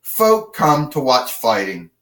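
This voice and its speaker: A man's voice: medium pitch, sing-song, takes it slowly, fairly bright tone. A man announcing a home-made wrestling show in a casual, rambling way. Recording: roomy, distant from the mic.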